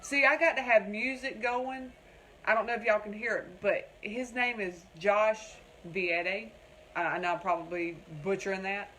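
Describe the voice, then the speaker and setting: A chatty woman with a drawl hosts a craft livestream, wandering off topic and answering viewers by name. Her voice sits at an ordinary middle pitch. A faint hum of room noise sits under her phone mic. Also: fairly even intonation, unhurried, pushed and bright. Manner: chatty, rambling, talks to viewers in the comments. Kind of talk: casual livestream chat.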